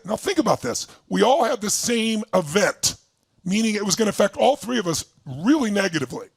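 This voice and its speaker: Gravelly raspy guy telling a story, high lively voice jumping all over, dry sound. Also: no echo. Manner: emphatic, acts out quotes with big swings in pitch. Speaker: motivational speaker. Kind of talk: animated storytelling to a live audience.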